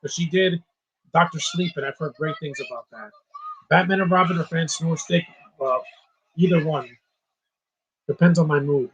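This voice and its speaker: A man's voice: a little high, normal speed, long pauses, a bit bright, dull audio, slight background noise. A man giving casual live commentary on a movie, opinionated and ranting about what he dislikes. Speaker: film commentator.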